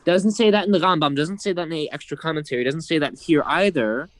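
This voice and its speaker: A man's voice: a little high, fast, no room sound. A man commentating casually with friends, teasing and mock-exasperated.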